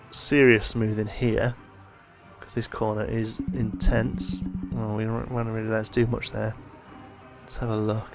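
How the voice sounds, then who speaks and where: Tired, gravelly man narrating gameplay. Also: medium pitch. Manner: thinking aloud, relaxed and chatty. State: tired, yawning. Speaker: let's play host. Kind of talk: casual gameplay commentary.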